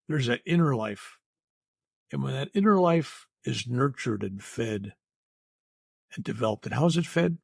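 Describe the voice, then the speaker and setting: A man's voice: medium pitch, vocal fry, slightly rough, no echo, studio quality. An older man, a reverend talking earnestly as a podcast guest, rambling and repeating himself. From United States. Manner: earnest, rambling, repeats words and says "you know" often. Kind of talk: spiritual podcast interview.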